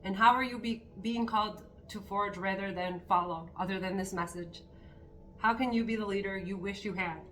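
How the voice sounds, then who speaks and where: A woman's voice: mid-range voice, fairly even intonation, moderate pace, a bit bright, a little hiss or hum. A woman giving a spiritual card reading to her viewers, talking in an earnest, encouraging way with spontaneous asides. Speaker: tarot card reader.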